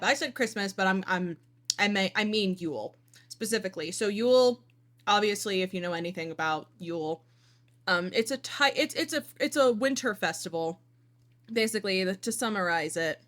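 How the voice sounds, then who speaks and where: A woman streamer reacting to a game broadcast in an excitable, gushing way. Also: medium pitch, moderate pace. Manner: excitable, gushing, mock outrage.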